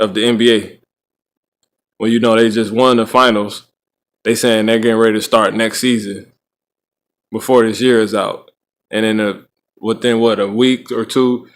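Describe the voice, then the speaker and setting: A man hosting a podcast of casual religious commentary, rambling, restarting phrases and tagging lines with "right?". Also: lowish voice. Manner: rambling, frequent "right?" tag questions. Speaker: podcast host.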